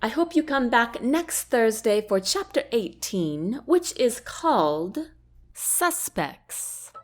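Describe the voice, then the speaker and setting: A woman narrating a fantasy novel chapter as an audiobook host, in a gentle, unhurried reading. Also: on the high side, big pitch swings. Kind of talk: storybook narration.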